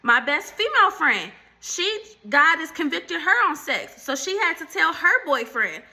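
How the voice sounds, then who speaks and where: A woman's voice: very high-pitched, sing-song, normal speed, pushed and bright. A woman hosting her own channel, chatting casually to viewers about faith and relationships, calling them y'all, with preachy asides. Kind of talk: casual faith talk to camera.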